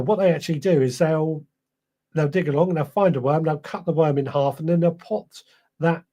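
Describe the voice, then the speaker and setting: A man's voice: fairly high pitch, warm tone. A man hosting a podcast live stream, reading out viewer comments in a rambling, chatty way, a little tired. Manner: chatty, rambling, self-correcting. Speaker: podcast host.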